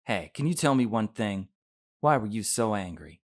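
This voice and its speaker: A man reading a visual novel aloud, voicing a gentle but bold young princess made of glass who speaks calmly, frankly and kindly. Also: fairly low pitch, moderate pace. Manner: calm, frank and kind.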